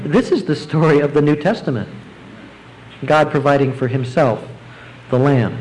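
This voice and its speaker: A man preaching a sermon, explaining scripture verse by verse and rising now and then to emphatic, excited bursts. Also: medium pitch, normal speed, low-quality recording. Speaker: pastor.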